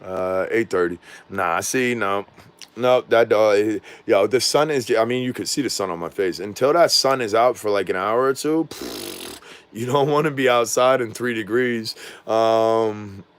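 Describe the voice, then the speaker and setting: A drone vlogger films casually at home indoors, speaking in a smooth, expressive, fairly low voice at a measured pace. He rambles, loses his train of thought, talks in slang, and remarks that his voice isn't normal.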